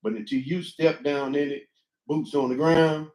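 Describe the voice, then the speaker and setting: A man's voice: a little high, steady tone, normal speed, a little mellow, reverberant, poor audio. A man in a casual panel discussion who talks bluntly, argues back and cuts in on the other speaker. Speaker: panel guest.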